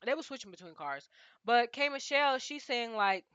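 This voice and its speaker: Woman recap host, blunt and profane, sharp bright tone, dull lo-fi dry recording. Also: a little high, expressive, moderate pace, smooth, no echo. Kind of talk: casual TV recap rant.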